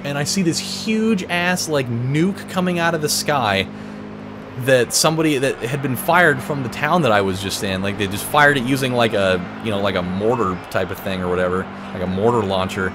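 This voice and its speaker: A man's voice: medium pitch, normal speed, background noise. A man hosting a let's play, telling a long story in a rambling way, full of fillers and profanity. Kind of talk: casual gameplay commentary, telling a story. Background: racing game music and engine sounds.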